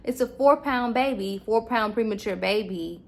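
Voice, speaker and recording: A woman's voice: fairly high pitch, normal speed. Candid young woman telling a story. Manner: animated, candid, many fillers. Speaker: vlogger. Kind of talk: casual personal storytelling.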